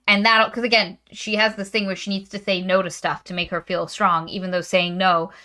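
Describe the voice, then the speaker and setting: A woman's voice: mid-range voice, level tone, brisk, sharp tone. A woman co-hosting a podcast, chatting casually and sarcastically as she roasts a novel, swearing freely. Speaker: podcast co-host. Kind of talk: casual book-roast chat.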